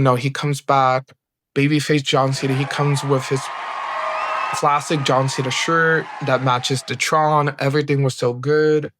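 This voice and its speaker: A man giving an excited, rambling recap of a wrestling event, filling it with "like" as he goes. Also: mid-range voice. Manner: excited, rambling play-by-play with many "like"s. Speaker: wrestling reviewer. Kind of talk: casual recap.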